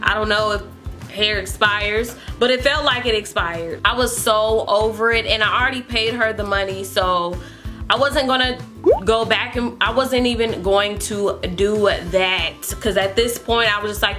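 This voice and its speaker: A woman's voice: mid-range voice, fairly even intonation, normal speed, sharp tone, faint music behind. A young woman vlogger telling a storytime in a chatty, exasperated way with lots of fillers. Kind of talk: storytime vlog.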